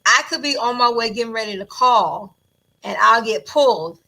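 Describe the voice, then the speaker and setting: A woman who announces wrestling, chatting in an interview and telling animated stories with plenty of laughter. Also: on the high side, normal speed, gravelly, low-quality recording. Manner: animated, laughs often, acts out quotes. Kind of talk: casual interview storytelling.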